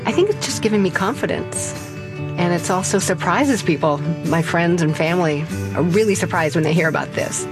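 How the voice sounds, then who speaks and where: An older woman, a self-taught storyteller, telling a personal story with lively, self-mocking humor and frequent laughs. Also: lowish voice, fairly quick, over music. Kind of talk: personal story told live.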